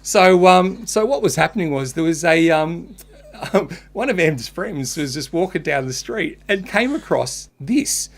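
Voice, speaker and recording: Gravelly laughing Australian man. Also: a little high, expressive, a little slow. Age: middle-aged. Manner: laughs through stories, rambling restarts. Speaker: podcast co-host. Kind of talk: casual banter, telling a dad joke.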